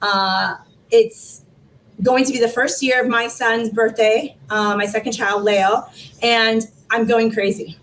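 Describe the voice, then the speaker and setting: A woman in her forties tells her personal story as an interview guest, in a high, animated voice full of fillers. She sounds set back from the microphone. A faint hiss sits under her voice. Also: a little slow. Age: 40s. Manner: animated, rambling, with many fillers and laughs. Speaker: interview guest, foundation founder. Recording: distant mic with faint background noise.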